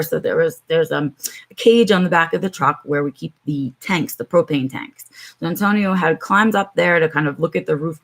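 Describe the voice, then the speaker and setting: A woman's voice: deep voice, creaky. A middle-aged woman chatting on her live stream from home, telling a long story with many ums and asides to her viewers.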